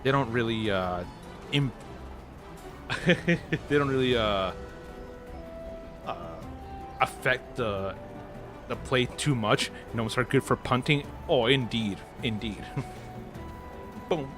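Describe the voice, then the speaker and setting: Male streamer, unhurried, rambling casual chat over game music. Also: mid-range voice. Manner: rambling, many fillers and restarts, laughs easily. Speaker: gaming livestream host.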